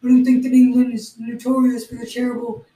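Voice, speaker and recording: Flat, mellow-voiced woman co-host. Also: on the high side. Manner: flat, halting explanations. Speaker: podcast co-host. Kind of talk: improvised comedy podcast. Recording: roomy, distant mic.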